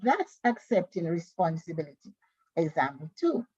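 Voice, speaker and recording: Bible study teacher, woman, husky and unhurried, muffled lo-fi stream audio. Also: on the low side, sing-song, a little mellow, dry recording. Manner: slow, careful reading of scripture and worksheet questions.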